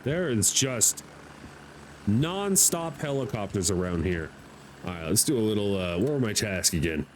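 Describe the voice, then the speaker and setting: An American man streaming a game live, talking to himself, excitable and swearing freely. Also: on the low side, moderate pace, slight background noise, poor audio. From United States. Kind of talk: live gameplay commentary.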